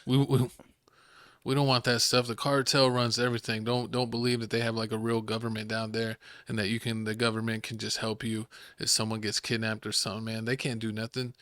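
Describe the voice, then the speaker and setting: A man hosting a casual podcast, with a Texan accent and a laid-back, wry, deadpan manner. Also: on the low side, a little fast, dry recording, clean studio sound. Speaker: podcast host.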